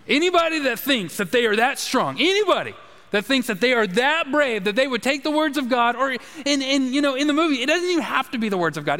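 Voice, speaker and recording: A man preaching a sermon as a pastor, chatty and animated, asking the congregation questions. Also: high-pitched. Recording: long hall reverb.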